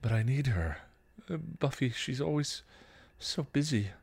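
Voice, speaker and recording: A man's voice: medium pitch, expressive, a little slow, creaky, a little mellow, husky, voice pushed up, heavily acted. A man reading a story aloud, voicing a tearful teenage girl who pleads and stammers. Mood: tearful pleading.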